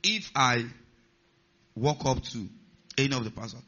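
A man's voice: medium pitch, animated, measured pace, bright, forceful tone. A male pastor preaching a sermon, stressing key words and putting questions to the congregation. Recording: slightly muffled recording.

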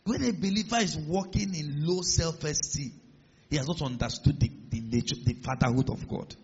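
A male pastor preaching a sermon in a large church hall, emphatic and building to loud declarations. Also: fairly high pitch, moderate pace, husky. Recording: muffled sound with long hall reverb.

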